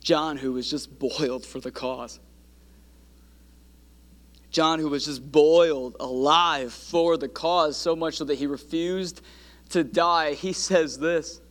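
A man's voice: on the high side, steady tone, takes it slowly, fairly bright tone. A man preaching a sermon, building through repeated phrases and climbing to emphatic peaks. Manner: repetitive, rising emphatic preaching cadence.

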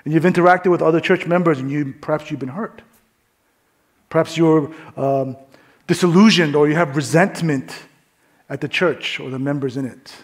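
A man's voice: fairly high pitch, normal speed. A male pastor preaching a sermon in a casual, conversational way, with many fillers, telling a story and acting out the voices in it. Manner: drops to a soft hush in prayer.

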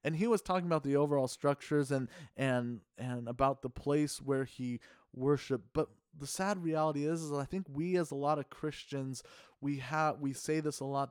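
A middle-aged man preaching a sermon in an earnest, measured way, asking the congregation rhetorical questions. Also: a little high, darkish tone, clean tone, dry recording, studio quality. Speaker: pastor.

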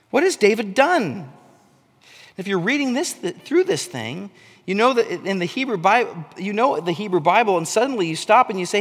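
A man preaching a sermon as pastor, animated and building to emphatic bursts. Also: high voice, moderate pace. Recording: long hall reverb.

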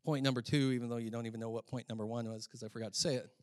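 A male pastor preaching a sermon in a conversational way, often saying "like", swinging between loud, emphatic stretches and quiet, reflective ones. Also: mid-range voice, little pitch movement, rapid-fire, dry recording, studio quality. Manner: frequent filler "like".

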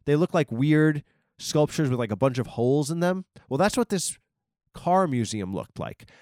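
Long island guy rambling thru a funny story, lotsa likes and ums, smooth clean voice, dry close mic. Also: a little high, animated, normal speed, darkish tone, dry recording. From Long Island, New York. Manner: meandering, many ums and likes, self-interrupting. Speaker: podcast host. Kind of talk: rambling comic storytelling monologue.

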